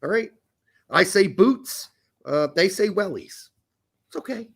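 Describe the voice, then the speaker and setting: Animated, profane man, high voice. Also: a little slow, creaky, breathy edge. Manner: blunt, profane, heated. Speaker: podcast host. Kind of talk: casual sports chat.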